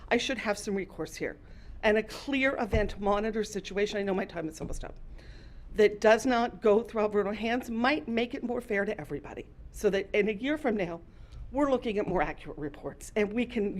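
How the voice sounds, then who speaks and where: A woman speaking as a resident during public comment at a council meeting. She sounds earnest and emotional, apologizing for her feelings while pressing her point. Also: mid-range voice.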